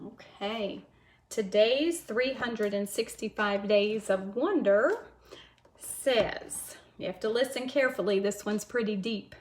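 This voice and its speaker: A woman teacher reading a chapter book aloud to children, gentle and patient as she tells the story. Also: mid-range voice, takes it slowly.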